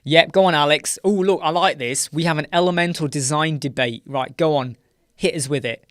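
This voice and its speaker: A man's voice: on the high side, normal speed, fairly bright tone, no room sound, clean studio sound. A British man hosting a casual live chat stream, rambling through filler words and often ending points with "right?". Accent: British English. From United Kingdom. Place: small dark room with sound panels.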